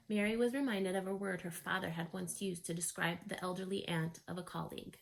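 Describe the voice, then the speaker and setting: A woman reading a children's novel aloud in a calm, even storytelling manner. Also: on the low side, brisk, creaky, few pauses, poor audio.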